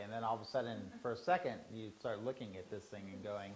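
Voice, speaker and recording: A man's voice: fairly low pitch, fast talker, heavy background noise. Man leading a workshop, loose and chatty, acts out the voices in his head. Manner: rambling, animated storytelling with acted-out inner voices. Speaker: workshop leader. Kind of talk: casual group teaching.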